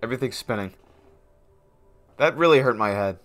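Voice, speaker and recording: Excitable young man gaming out loud. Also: mid-range voice, moderate pace, dry recording, soft background music. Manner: excitable, swings from mumbling asides to loud yelps and laughter. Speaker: gaming streamer. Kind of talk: casual let's-play commentary.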